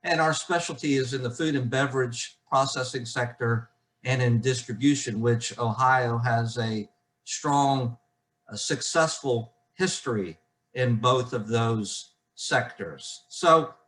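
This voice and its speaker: A man in his sixties from the Southern US with a Southern accent, giving a keynote talk over a video call in a measured way with frequent fillers. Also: mid-range voice, fairly bright tone, poor audio. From Southern United States. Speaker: keynote speaker. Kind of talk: virtual keynote speech.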